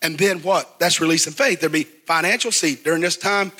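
A preacher, a man, delivers his sermon in a high, ringing voice. His tone is bright and forceful, and he draws the congregation into call and response. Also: fairly quick. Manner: call-and-response preaching, asks the crowd to repeat. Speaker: pastor.

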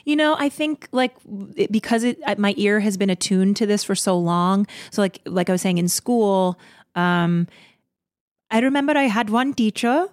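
A woman playwright and performer in a casual interview, animated, with frequent laughs and quick asides. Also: medium pitch, no echo, studio quality.

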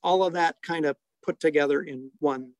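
A middle-aged man telling a family story in an unhurried, chuckling way, full of small details. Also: on the high side, a little mellow, dry recording. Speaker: storytelling guest, father. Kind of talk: relaxed anecdotal storytelling.

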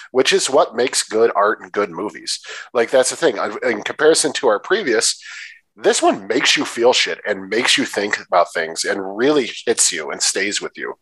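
Podcast co-host, man, average pitch, dry close mic, animated and profane. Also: slightly rough, no room sound, poor audio. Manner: animated, profane, jokey asides. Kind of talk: casual film discussion podcast.

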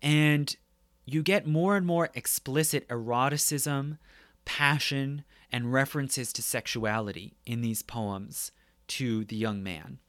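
A man's voice: mid-range voice, slow pace, a bit bright, no room sound. Dry-voiced man giving a literature lecture. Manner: conversational, tags points with "right?". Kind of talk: academic lecture.

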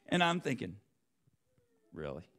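A man's voice: medium pitch, normal speed. Man, preacher, storytelling sermon, acts out the dialogue, church setting. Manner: animated, acts out both sides of dialogue. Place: church sanctuary.

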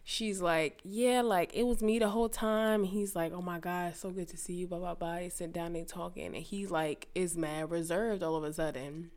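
A woman's voice: fairly low pitch, fairly even intonation, normal speed, few pauses, a little mellow. A young woman co-hosting a casual podcast chat, telling stories with lots of animation and acting out the people she quotes. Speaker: podcast co-host.

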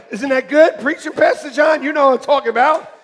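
A man preaching a sermon as pastor, animated and joking, laughing often with the congregation. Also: very high-pitched, normal speed, some chatter behind.

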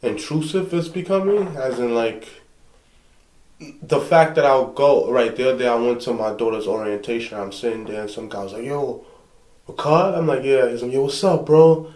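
Male pastor-host, mid pitch, lively storyteller, roomy sound. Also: moderate pace. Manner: animated storyteller, acts out quoted people. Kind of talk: casual conversation.

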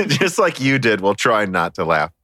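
A man's voice: medium pitch, wildly swooping pitch, measured pace, bright, forceful tone, no room sound. A man hosting a casual hardware podcast, chatty and joking, often laughing between words. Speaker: podcast host.

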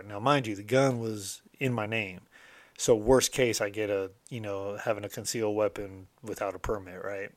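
Streetwise American man, middle-aged, low voice, candid storyteller, dry close sound. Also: steady tone, normal speed, no echo. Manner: candid, streetwise, swears freely. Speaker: motivational host telling his past. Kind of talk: casual storytelling monologue.

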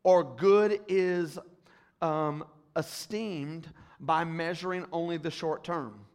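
A man preaching a sermon as pastor, calling out to the congregation and swinging between hushed asides and loud, rising appeals. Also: a little high, steady tone, takes it slowly, smooth.

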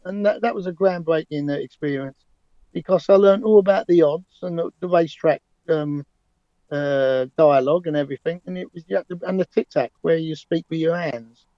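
A man's voice: on the high side, fairly quick, dry recording, muffled recording. A man, a cab driver talking confidently and emphatically as an interview guest, with frequent restarts. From England. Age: 60s. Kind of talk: remote interview, conversational storytelling.

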